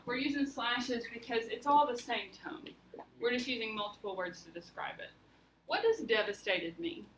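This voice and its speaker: A woman's voice: fairly high pitch, moderate pace. A woman teacher leading a class lesson, asking questions and guiding her students step by step. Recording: roomy, mic at a distance, faint room noise.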